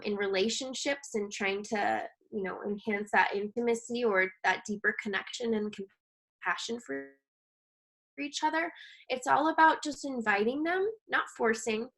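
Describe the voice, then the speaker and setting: A woman in her thirties, a guest expert talking gently and earnestly in a casual interview about coping as a mother. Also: fairly high pitch. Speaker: guest expert on maternal mental health.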